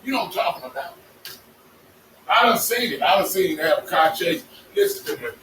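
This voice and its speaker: A man telling casual stories to his vlog audience, animated and laughing, cursing freely as he talks. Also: high voice, a little fast. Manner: animated, swearing, laughing storyteller. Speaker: vlogger. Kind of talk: casual storytelling monologue. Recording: echoey, distant mic with faint noise.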